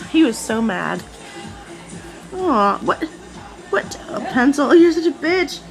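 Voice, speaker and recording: Giggly high-voiced woman filming her pets. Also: big pitch swings, slow, creaky, long pauses, soft background music, rough recording. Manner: giggly, laughs often, swears casually. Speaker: person filming her cats. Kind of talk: casual home video chat. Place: at home indoors.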